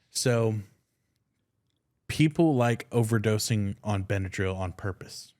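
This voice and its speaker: A young man co-hosting a podcast, telling stories in a loose, excitable way and swearing casually. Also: lowish voice, slow pace. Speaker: podcast co-host. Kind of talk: casual chat.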